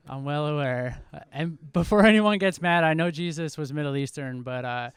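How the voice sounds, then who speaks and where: A man's voice: fairly high pitch, measured pace, smooth, dry recording. A man from New Jersey doing a self-deprecating stand-up set on a club stage into a handheld mic. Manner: self-deprecating, relaxed deadpan delivery. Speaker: stand-up comedian.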